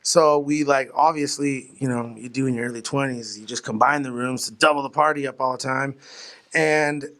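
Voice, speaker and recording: A man's voice: mid-range voice, fairly even intonation, normal speed, fairly bright tone. A man, a guest musician who tells stories in a laid-back, swearing drawl. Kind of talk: casual storytelling chat.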